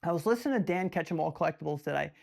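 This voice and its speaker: Male vlogger, casual to-camera chat, animated and rhetorical, frequent restarts. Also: fairly high pitch, racing, gravelly. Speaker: trading card collector vlogger. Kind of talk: casual direct-to-camera vlog.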